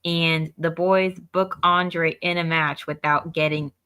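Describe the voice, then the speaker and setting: Podcast co-host, woman, somewhat low pitch with crisp bright tone, matter-of-fact recap delivery. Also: steady tone, takes it slowly. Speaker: co-host of a wrestling review show.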